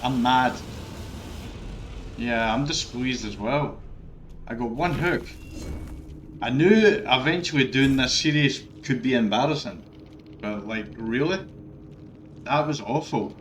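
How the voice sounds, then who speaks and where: A man rants over his own gameplay, swearing freely as he talks through what went wrong. His voice sits at a middling pitch. A faint hiss of noise runs under the recording. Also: slow, long pauses, fairly bright tone. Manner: frustrated, swearing, ranting. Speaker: gaming streamer. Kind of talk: live gameplay commentary.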